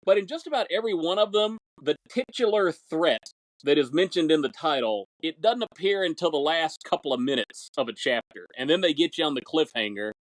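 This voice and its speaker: The recording is dry and low quality, capturing a man whose voice sits on the high side. Co-hosting a podcast, he chats casually about an old film serial, rambling as he hunts for words.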